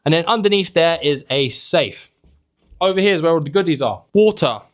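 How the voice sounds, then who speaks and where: A man's voice: fairly high pitch, animated, moderate pace. A young man giving a casual, joking tour of a small hotel room, filmed on a handheld camera. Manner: chatty and joking, with offhand asides. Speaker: travel vlogger and host.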